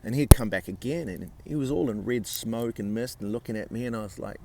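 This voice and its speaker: A man vlogging, telling a personal story in a blunt, sweary way with halting restarts. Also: medium pitch, vocal fry, a little mellow, slight background noise.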